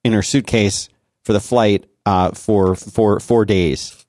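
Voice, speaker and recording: Low-voiced man telling family stories. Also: slow pace, no echo, clean studio sound. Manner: animated storyteller, acts out family voices. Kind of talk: casual chat.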